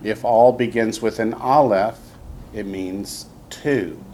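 A man's voice: on the low side, takes it slowly, darkish tone, slight background noise. A man teaching a classroom language lesson, patiently repeating his students' answers before explaining.

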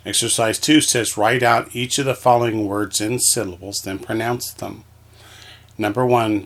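A man's voice: fairly low pitch, fairly even intonation, moderate pace, fairly bright tone. A man teaching a reading lesson, patiently sounding out words one syllable at a time from a textbook.

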